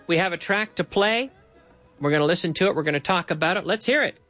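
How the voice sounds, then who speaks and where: A man hosting a casual English lesson, explaining slowly, repeating phrases and adding Spanish translations. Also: high-pitched, pushed and bright, soft background music. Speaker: English teacher host.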